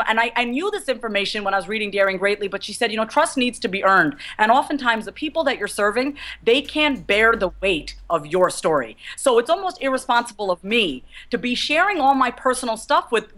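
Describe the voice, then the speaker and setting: Fast-talking woman, candid business coach. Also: on the high side. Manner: fast, candid, animated, addresses the host by name. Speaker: guest speaker, business coach. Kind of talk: casual advice chat.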